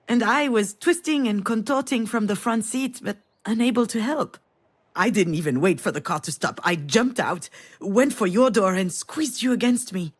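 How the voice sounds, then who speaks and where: An actress playing a weary middle-aged mother who tells a family memory softly and intimately in a video game. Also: on the high side. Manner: soft, intimate storytelling. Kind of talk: game voice acting.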